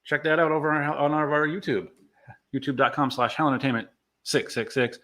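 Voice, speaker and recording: A man co-hosting a loose, casual chat show, full of swearing and open excitement. His voice is bright and forceful, and he sometimes stumbles as he rushes ahead. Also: a little high. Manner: excited, swears a lot, stumbles over words. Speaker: podcast co-host.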